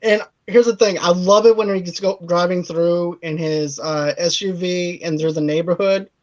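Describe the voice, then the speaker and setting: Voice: mid-range voice, fairly even intonation, normal speed. A podcast co-host chatting casually about a movie and retelling scenes with laughs. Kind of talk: casual movie review chat. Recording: slightly dull lo-fi audio.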